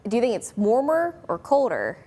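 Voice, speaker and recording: A woman co-hosting a casual TV weather web show, playful and quick to laugh. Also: a little high, wildly swooping pitch, mellow. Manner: giggly, playful. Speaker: TV weather co-host. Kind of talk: casual studio banter. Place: TV studio.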